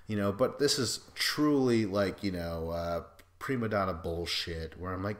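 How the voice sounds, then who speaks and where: A man's voice: low voice, moderate pace. A young man hosting a podcast, rambling through a casual, profane recap and mimicking the people he quotes. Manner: profane, rambling, acts out quotes in mocking voices. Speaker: podcast host.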